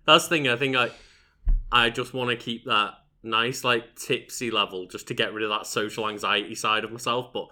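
A man's voice: medium pitch, steady tone, moderate pace, bright, forceful tone. A man chatting casually on a podcast, reasoning aloud with many fillers. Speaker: channel editor, co-host.

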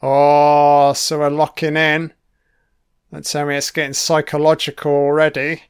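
A man's voice: fairly high pitch, completely flat delivery, measured pace, smooth. A man giving a casual running commentary on a film. He swears constantly and makes wry, offhand remarks.

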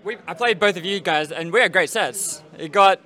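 An Australian man co-hosting a live podcast, talking bluntly in quick fragments with plenty of swearing. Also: sits high, bright, forceful tone. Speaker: podcast co-host. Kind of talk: casual banter at a live event.

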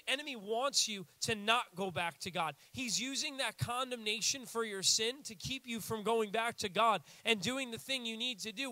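Man, young, American accent, sermon, casual lively preaching, dry sound. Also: extremely high pitch, dry recording. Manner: casual, animated preaching with acted-out quotes. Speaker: pastor.

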